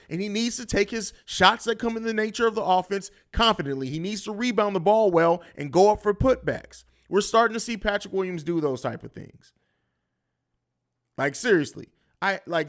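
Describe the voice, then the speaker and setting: A man's voice: sits high, fairly bright tone. A man hosting a live sports podcast, talking bluntly and riffing with plenty of profanity. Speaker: podcast host. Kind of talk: live-stream sports talk.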